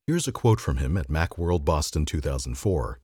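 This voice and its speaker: A man's voice: extremely low pitch, sing-song, normal speed, mellow, breathy edge, no echo. A man hosting a podcast, reading an old magazine article aloud with a dry, wry delivery. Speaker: podcast host.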